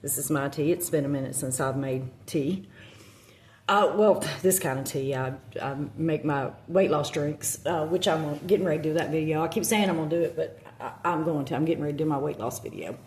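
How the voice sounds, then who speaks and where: A Southern woman with a lowish voice talks casually into her phone, rambling with many ums and uhs and correcting herself as she goes. The sound bounces around an echoey room. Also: brisk, darkish tone, slight background noise. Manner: rambling, filler-heavy, self-correcting. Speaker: witch vlogger. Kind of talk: casual chat to camera. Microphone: phone camera.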